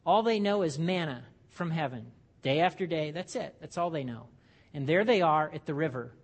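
A man's voice: fairly high pitch, animated, moderate pace, slightly rough. A man preaching a sermon in a church, in a conversational way with joking asides and frequent restarts. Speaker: pastor.

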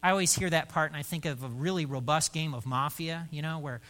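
A man preaching as a pastor, with a high voice and a bright, forceful tone. He tells a story like a lively storyteller, acting out the voices of both people in the conversation. He often doubles back on words and restarts phrases as he thinks aloud. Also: fast talker. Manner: animated storyteller who acts out both sides of conversations. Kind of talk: sermon storytelling.

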